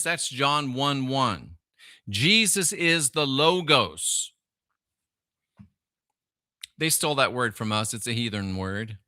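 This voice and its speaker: A man hosting a solo livestream and reading chat aloud. He is preachy and sardonic, with sudden loud bursts. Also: medium pitch, dry recording, studio quality.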